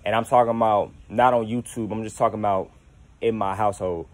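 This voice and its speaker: A man's voice: fairly low pitch, fairly even intonation, a little fast. A young man talking casually and candidly to his viewers at home, slangy and rambling with frequent restarts. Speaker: YouTuber. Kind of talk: casual spiritual monologue to camera.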